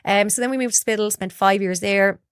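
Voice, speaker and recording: Fast-talking Irish woman telling stories. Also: mid-range voice, steady tone, clear, resonant tone, no room sound, clean studio sound. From Ireland, Galway. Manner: chatty, acts out quoted dialogue. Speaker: guest, broadcaster. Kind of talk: casual storytelling interview.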